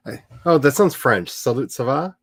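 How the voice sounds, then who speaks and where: A man's voice: medium pitch, animated, normal speed, dry recording. Rambling, joking man hosting a stream. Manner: rambling and self-mocking, prone to jokes and asides. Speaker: livestream host. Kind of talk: casual chat during a writing sprint stream.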